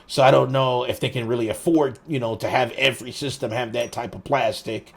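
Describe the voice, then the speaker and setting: A man co-hosting a casual gaming podcast, swearing freely and telling animated stories. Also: mid-range voice, a little fast, creaky, slightly rough. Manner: profane, animated storyteller. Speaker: podcast co-host.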